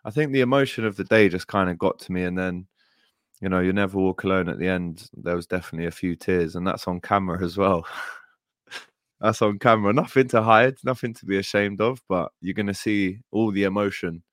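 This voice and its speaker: Deep-voiced guy on a podcast, chatty and excited, keeps saying mate, dry sound. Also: brisk, no echo. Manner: enthusiastic, heartfelt, peppers speech with "mate" and "bro". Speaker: podcast co-host. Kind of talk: casual chat. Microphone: podcast microphone.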